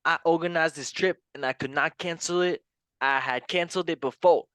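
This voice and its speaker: A man's voice: fairly high pitch, a little fast, a bit bright, clean tone, no room sound, studio quality, voice pushed up, lightly acted. A man putting on the voice of a brash, careless young basketball player, swaggering and offhand.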